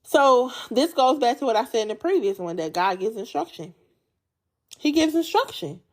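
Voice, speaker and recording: A woman's voice: on the high side, moderate pace. A woman hosting a Bible study podcast, preaching in a casual, chatty way with slangy speech and a joking manner. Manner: animated, jokey and chatty, often laughing.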